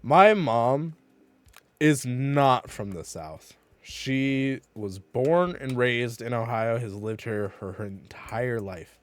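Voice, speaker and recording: A man's voice: mid-range voice, lively intonation, slow. A tipsy man on a casual charity stream, reading game dialogue aloud and laughing often between lines.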